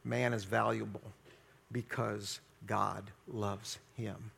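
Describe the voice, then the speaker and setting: A man voicing an old German theologian with a German accent, speaking in a deep, slow and weighty way. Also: flat delivery, creaky, a bit bright, husky, full character voice. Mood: solemn. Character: old German male theologian, grave and solemn.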